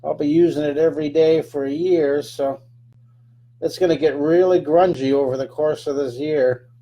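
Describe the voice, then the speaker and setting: A man's voice: on the high side, steady tone, moderate pace, warm tone, slight background noise. A man teaching a live drawing lesson, chatting through each stroke with playful sound effects.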